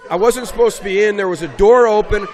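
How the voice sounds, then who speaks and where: A middle-aged man tells stories in a relaxed interview, his voice sitting high. He gets animated and pushes his voice up to stress the points he cares about. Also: quick pace. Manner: animated storyteller, raises voice for emphasis. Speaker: basketball coach, guest. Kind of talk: casual interview conversation.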